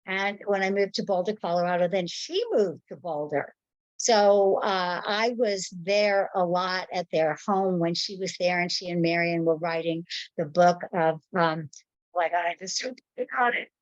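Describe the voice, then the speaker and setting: A woman's voice: lowish voice, measured pace, dry recording, lo-fi sound. A woman sharing a personal memory in casual talk, rambling and searching for words, on a video call.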